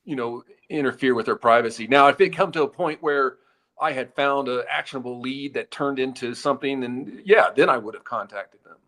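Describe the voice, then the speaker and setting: An older man speaks at a middle pitch as a guest in a casual interview. He explains his position steadily and without hurry. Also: fairly bright tone. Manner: measured, explains his reasoning. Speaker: retired FBI agent guest.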